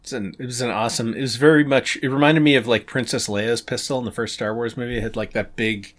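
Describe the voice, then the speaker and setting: A man's voice: medium pitch, steady tone, quick pace. A man in his forties hosting a comics podcast, chatting casually, laughing often and swearing now and then. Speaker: podcast host. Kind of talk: casual chat.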